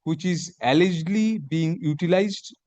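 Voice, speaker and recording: A man, speaking as a judge and dictating a court order in measured phrases, saying the punctuation aloud. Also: fairly high pitch, darkish tone.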